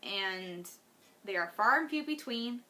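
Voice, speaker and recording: A woman speaking straight to her viewers in a personal video diary, her voice bright and forward. She talks in an earnest, heartfelt way, rambling a little and filling the gaps with "like" and "um". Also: medium pitch, expressive, measured pace. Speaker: vlogger.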